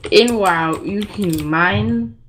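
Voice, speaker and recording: A man's voice: high voice, extremely slow, a bit bright. A teenage boy co-hosting a goofy amateur podcast, teasing and interrupting his friend. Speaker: podcast co-host.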